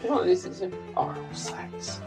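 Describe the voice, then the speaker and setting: A man's voice: normal speed, over music. A man with a Northern English accent, co-hosting a podcast and joking around in casual banter. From Northern England. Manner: jokey, teasing, playful. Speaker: podcast co-host.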